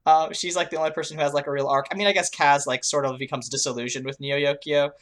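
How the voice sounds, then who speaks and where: A woman's voice: low-pitched, steady tone, fast talker. A woman co-hosting a podcast, chatting casually with frequent laughs and filler words. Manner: laughing often, lots of fillers. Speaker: podcast co-host. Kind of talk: casual chat.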